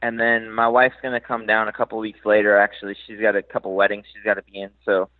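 Casual Minnesota racer, thirties, lowish voice, filler-heavy, tinny phone audio. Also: male voice, quick pace, no room sound. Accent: faint Minnesota. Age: 30s. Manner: relaxed, hesitant, many fillers and restarts. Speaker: motocross racer. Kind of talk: casual interview. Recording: dry, tinny phone-like line.

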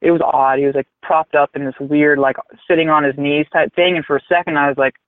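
A man telling a rambling, animated story in casual chat, swearing freely. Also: a little high, quick pace, no room sound. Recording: tinny phone-like line, dry.

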